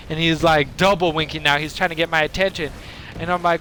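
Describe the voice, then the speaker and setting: A man streams a video game while telling a rambling made-up story, slipping in quick voices for the people in it. His voice sits a little high and stays animated throughout. Game gunfire and ambience come through clearly behind him. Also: noisy background. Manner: animated, jumps between voices and laughs. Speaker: gaming streamer.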